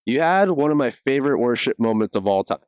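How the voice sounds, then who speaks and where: A young man hosting a casual church podcast as youth pastor, telling stories with lively quoted voices. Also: fast, clean tone, no room sound, clean studio sound. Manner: animated storyteller, acts out quotes in high voices. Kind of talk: casual interview chat.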